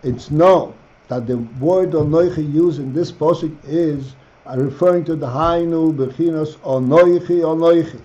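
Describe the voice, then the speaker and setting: A man teaching a Torah class as rabbi, reading phrases slowly and explaining them. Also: a little high, dark tone. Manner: reads Hebrew phrases slowly, then explains in English. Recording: dull lo-fi class recording.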